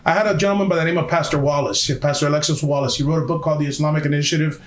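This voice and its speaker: A man's voice: on the high side, steady tone, very fast, roomy sound. A man telling a story on a podcast in a heated, emphatic way, swearing often. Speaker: podcast guest. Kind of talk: casual storytelling.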